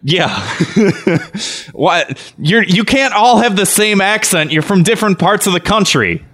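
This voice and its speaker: A man's voice: high voice, animated, a little slow, a bit bright. A man co-hosting a podcast, ranting and swearing with frequent laughs. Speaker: podcast co-host. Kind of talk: casual podcast banter.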